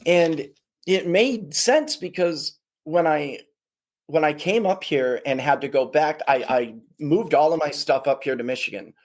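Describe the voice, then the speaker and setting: Male podcast guest, casual storyteller, slightly high pitch, acts out the people he talks about. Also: measured pace. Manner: animated, does voices of people in his stories.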